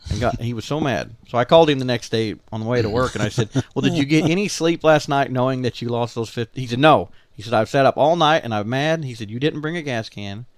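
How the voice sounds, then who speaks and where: A man's voice: medium pitch, quick pace, few pauses, no room sound. A man with a Southern Illinois accent telling a long family story in casual podcast chat, acting out the voices of the people in it. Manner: animated storyteller, acts out quoted family voices. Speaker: podcast co-host.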